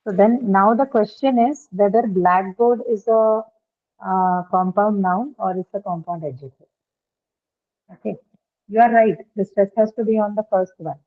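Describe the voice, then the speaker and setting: A woman English teacher gives an online lesson, explaining patiently and checking in with "right?". Her voice is mid-range and her speed normal. The call audio sounds tinny and phone-like.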